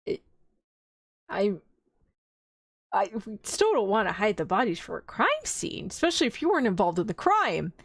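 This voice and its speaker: Young woman streamer rambling on, giggly, mid pitch, dry mic. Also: big pitch swings, moderate pace, long pauses, dry recording. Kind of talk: casual chat.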